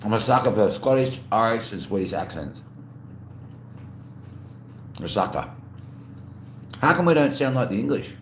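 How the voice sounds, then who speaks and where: Speaking at a moderate pace with long pauses, an Australian man with a lowish voice sounds very animated as he hosts a casual livestream. He eats, rambles in a relaxed way, and greets viewers while answering their messages aloud. A roomy echo and faint hum sit in the background.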